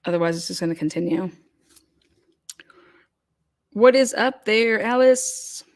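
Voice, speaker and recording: A woman's voice: mid-range voice, unhurried. A woman hosting a casual livestream chat, talking loosely with many fillers and restarts as she reads comments. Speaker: host.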